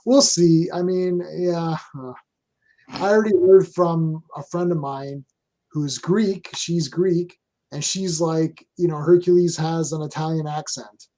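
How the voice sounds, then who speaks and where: Rambling Canadian man, slightly high voice. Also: unhurried. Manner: rambling, animated opinions with frequent restarts. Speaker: host. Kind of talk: casual chat.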